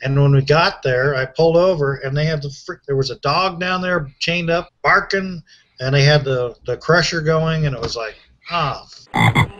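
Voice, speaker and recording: A man's voice: on the high side, normal speed, a bit bright, lo-fi sound. Chatty man rambling through a story. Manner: chatty, rambling, many restarts. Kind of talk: casual conversation.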